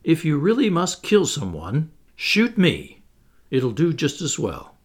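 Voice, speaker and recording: A man's voice: a little high, wildly swooping pitch, takes it slowly, husky, exaggerated voice. A man reading a novel aloud, voicing an earnest, devoted male friend.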